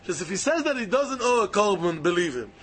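A high-voiced man leads a Talmud study lesson, his pitch leaping up and down as he argues each side aloud. He hammers his points home by repeating them, and his tone stays bright and forceful throughout. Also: big pitch swings, fairly quick, husky. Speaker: Talmud teacher.

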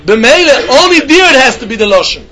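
A man's voice: very high voice, very animated, a little fast, pushed and bright, a little hiss or hum. A man giving a Talmud lecture, often repeating phrases and restarting sentences. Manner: mixes English with Hebrew and Yiddish terms, repeats phrases, restarts often. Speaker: Talmud teacher.

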